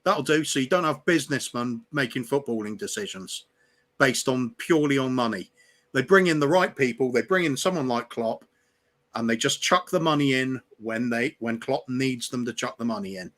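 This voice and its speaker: Male co-host, fan livestream, measured opinions, mid-pitched voice. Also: lively intonation, a bit bright. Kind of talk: casual fan chat.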